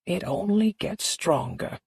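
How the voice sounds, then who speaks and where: A woman voicing an elderly, kindly male doctor who speaks slowly and fondly in an audiobook. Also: mid-range voice, lively intonation, creaky, husky, no echo, exaggerated voice. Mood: gentle. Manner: slow, gentle, fond.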